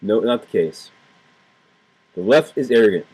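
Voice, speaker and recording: A political vlogger with a lowish, expressive voice that's a little mellow with a breathy edge rants to camera at a moderate pace. His commentary is heated and sarcastic, repetitive, and full of swearing, and the recording is low quality.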